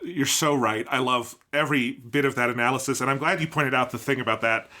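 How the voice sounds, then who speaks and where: Male co-host and teacher, bright tense tone, enthusiastic explainer. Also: mid-range voice, fairly quick. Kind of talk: casual film review discussion.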